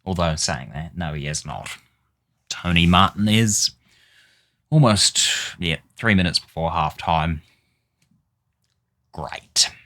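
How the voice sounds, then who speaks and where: A man with a low, deep voice talks through a football management game in an unhurried drawl. He grumbles, swears and mutters at his team in exasperation. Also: sharp tone. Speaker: gaming YouTuber. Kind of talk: casual gameplay commentary.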